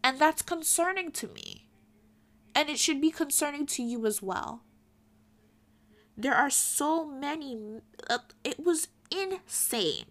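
A woman's voice: high voice, very animated, slow, a bit bright. A young woman giving an earnest, pointed opinion commentary straight to her viewers. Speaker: commentary vlogger.

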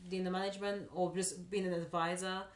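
A woman's voice: fairly low pitch, level tone, a little fast, reverberant. A woman co-hosting a podcast in easygoing casual chat, often agreeing and thinking aloud. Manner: easygoing, many fillers and agreeing yeahs. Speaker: podcast co-host.

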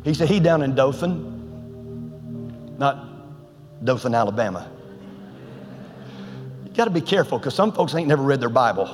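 A man preaching a sermon to his church, telling a Bible story in a lively, colloquial way. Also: medium pitch, brisk, long pauses, long reverb tail, soft background music.

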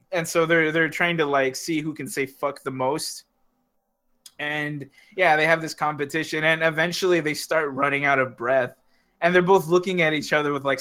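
A man's voice: a little high, bright, forceful tone. A young man telling a film plot among friends in casual chat, rambling and profane, with lots of fillers.

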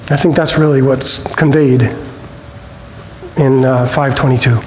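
A man teaching a church Bible study, conversational with small restarts, reading scripture with expressive emphasis. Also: mid-range voice, unhurried, pauses often. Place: church hall. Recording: roomy hall reverb, faint noise.

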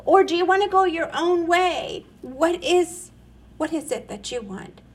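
A woman's voice: extremely high pitch, animated, a little slow, poor audio. A woman preaching a sermon, earnest and rising into emphatic questions.

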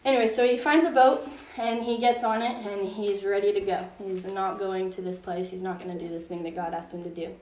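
A woman's voice: mid-range voice, little pitch movement, brisk, few pauses, dark tone. A young woman leading a group in casual Bible teaching, retelling a story in a chatty way full of "like" and asides. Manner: chatty, filler-heavy storytelling with frequent "like". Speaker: youth Bible study leader. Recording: roomy echo from a distance.

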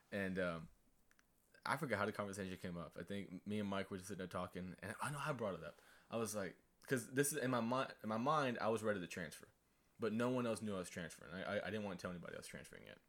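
A young man speaks in a somewhat low voice, halting and repeating words as he tells a story. It is casual podcast chat, full of ums and restarts. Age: young adult. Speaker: guest, college athlete.

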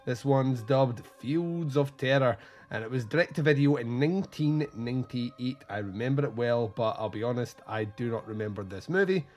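A man's voice: medium pitch, normal speed, darkish tone. A man hosting a podcast, chatting in an enthusiastic, easygoing way. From Scotland. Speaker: podcast host. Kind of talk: casual chat.

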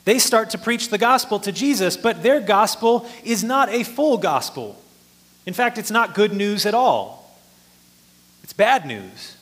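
A man's voice: high voice, sing-song, unhurried, fairly bright tone. A man preaching a sermon, explaining a passage earnestly and rising in force for emphasis.

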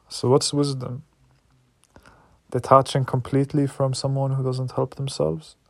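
A man's voice: medium pitch, flat delivery, slow pace, gravelly, no echo. A man talking through raw anger and doubt in a personal reflective monologue, restarting his sentences and swearing often. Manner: raw, angry, searching, with repeated restarts and swearing.

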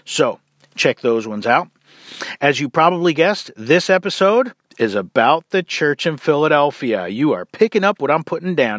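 A man hosting a casual Bible teaching podcast, chatty and jokey in his asides, then reading scripture aloud at a steady pace. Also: a little high, moderate pace, dry recording, clean studio sound. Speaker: podcast host.

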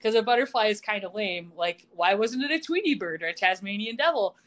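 A woman co-hosting a podcast, recapping a TV scene in casual chat, giggly and animated. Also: mid-range voice, a little fast. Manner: giggly, animated retelling with quoted voices. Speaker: podcast co-host. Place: remote recording, not with co-host.

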